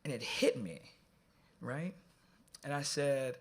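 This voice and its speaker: A man moderating a live event, telling an animated, jokey story to the audience that turns quiet and earnest. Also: mid-range voice, moderate pace.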